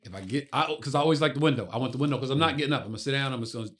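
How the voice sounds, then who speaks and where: Fast-talking animated male comedian. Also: medium pitch. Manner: animated, acts out exchanges, profane. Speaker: podcast co-host. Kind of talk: casual comedic storytelling.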